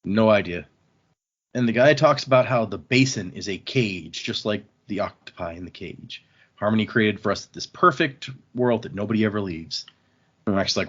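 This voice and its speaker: A man casually recapping book chapters on a podcast, relaxed and chatty, quoting characters as he goes. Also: fairly low pitch, fairly quick, slightly rough. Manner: relaxed, chatty retelling with small restarts. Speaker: podcast host. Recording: slightly dull lo-fi mic audio.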